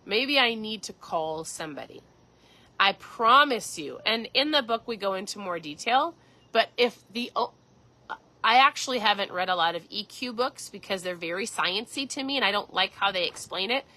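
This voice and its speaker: Woman host, middle-aged, bright and direct, casual motivational talk. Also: mid-range voice, low-quality recording. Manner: earnest, conversational, addresses listeners directly. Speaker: podcast host.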